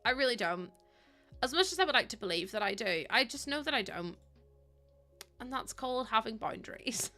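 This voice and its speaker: A woman streamer chatting casually with her live chat, excitable and talkative, laughing often. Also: fairly high pitch, a little fast, long pauses, soft background music.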